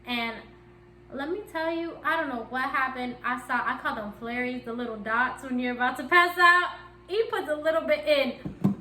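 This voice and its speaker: A young woman with a slightly high, bright voice tells a candid story in a chatty, giggly way. She sounds like a vlogger talking casually at home, and the room gives her voice a noticeable echo. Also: moderate pace, a little hiss or hum. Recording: echoey room.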